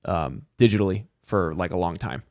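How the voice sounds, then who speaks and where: A man's voice: low voice, moderate pace, darkish tone. A man co-hosting a podcast, rambling jokily with many fillers. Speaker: podcast co-host. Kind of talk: casual podcast banter.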